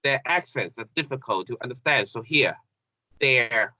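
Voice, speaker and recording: A man teaching an English grammar lesson, halting and repeating phrases with many fillers. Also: medium pitch, expressive, bright, forceful tone, dry recording. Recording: dull lo-fi classroom recording.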